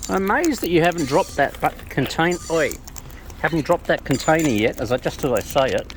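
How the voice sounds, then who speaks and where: A woman's voice: low voice, animated, brisk, slight background noise. A woman talking playfully to wild birds outdoors while feeding them, cooing and scolding them in baby talk. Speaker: bird feeder filming wild birds.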